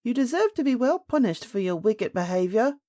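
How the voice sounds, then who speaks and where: A woman voicing an angry, flustered nurse who scolds in sharp outbursts. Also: lowish voice, fairly even intonation, unhurried, no room sound, clean studio sound, lightly acted. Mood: scolding.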